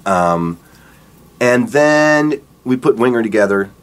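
A middle-aged man, a rock guitarist, casually telling stories about his career in a relaxed, rambling way. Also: mid-range voice, slow, smooth. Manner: relaxed, rambling, acts out quotes with laughs. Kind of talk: casual storytelling interview.

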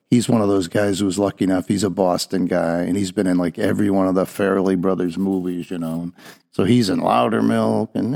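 Podcast host, male, low gravelly voice, loose rambling delivery. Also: warm tone. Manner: chatty, rambling storyteller. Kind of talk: casual chat.

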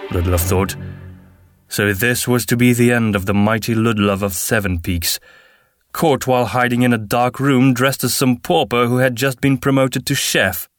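A man narrating a fantasy audiobook in a steady, measured way. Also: mid-range voice, dry recording. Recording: narration with faint background music.

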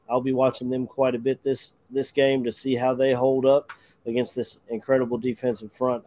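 Relaxed, chuckling man. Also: medium pitch, no room sound. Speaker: podcast co-host. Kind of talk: casual sports podcast chat.

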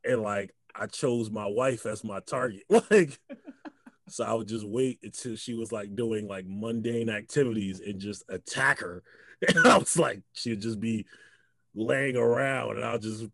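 A young man, a guest comedian, telling a story in a casual chat, animated, laughing often and acting out the voices he quotes. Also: on the low side, a little slow, gravelly, dry recording.

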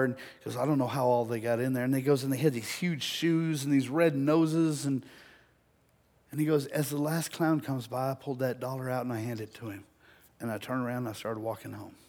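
A man preaching a sermon, telling a story and building to loud, emphatic peaks. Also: medium pitch, breathy edge.

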